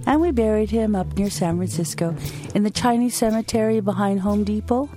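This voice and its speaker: A woman from the United States performing a personal story and then talking as an interview guest, vivid and expressive. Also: medium pitch, brisk, music in the background.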